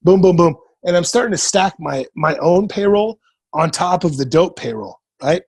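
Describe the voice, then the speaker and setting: Husky and slightly breathy, with a fairly high pitch for a man, this roughly forty-year-old Nebraskan podcast guest is animated and a little mellow at normal speed. He swears freely in his casual storytelling and slips into the voices of those he quotes. The recording is dry and close, without room echo.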